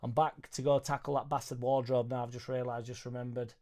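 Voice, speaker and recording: A young man hosting a live football reaction stream, reading viewer messages in an excitable, sweary, joking way. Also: mid-range voice, a little fast. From Leeds, England. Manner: excitable, sweary, banter-filled. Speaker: football fan channel host.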